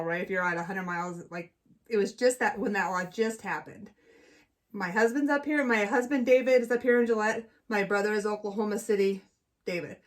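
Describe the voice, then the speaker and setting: A middle-aged woman co-hosting a casual chat, telling a story with lots of acted-out voices. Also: mid-range voice. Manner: animated storyteller, acts out voices. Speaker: co-host.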